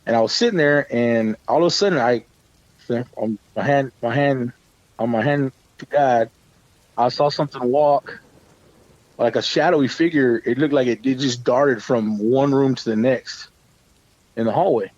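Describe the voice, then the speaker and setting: A man tells his own haunted-house story in a loose, rambling way, stopping and restarting and swearing offhand. His pitch sits in the middle, and the recording is dry and a little dull, with no room sound. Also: moderate pace, a little mellow, husky, dry recording. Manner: rambling, many restarts and fillers, swears casually. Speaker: guest storyteller. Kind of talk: casual spoken ghost story.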